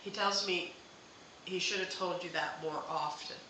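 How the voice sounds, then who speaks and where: Bright-voiced woman giving psychic readings. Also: fairly low pitch, fairly even intonation, unhurried, very echoey, a little hiss or hum, poor audio. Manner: hesitant, many fillers and restarts. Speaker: psychic medium host. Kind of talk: live-stream reading.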